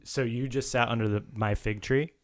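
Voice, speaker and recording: Brief: man, laid-back podcast co-host, ordinary mid pitch, brief agreeable responses. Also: fairly even intonation, moderate pace. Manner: easygoing, short agreeing replies, laughs along. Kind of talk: casual chat.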